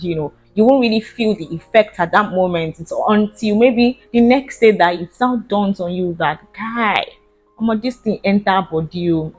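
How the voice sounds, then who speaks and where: Animated Nigerian woman telling a story. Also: mid-range voice. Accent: Nigerian English. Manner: animated, laughing often, mixes Nigerian Pidgin slang. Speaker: vlogger. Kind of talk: casual storytelling.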